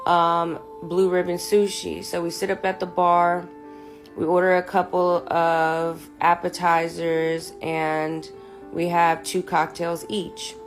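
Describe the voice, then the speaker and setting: A woman's voice: fairly low pitch, monotone, takes it slowly, faint music behind. A woman telling a personal story in a blunt, sassy, profane way. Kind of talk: casual storytelling.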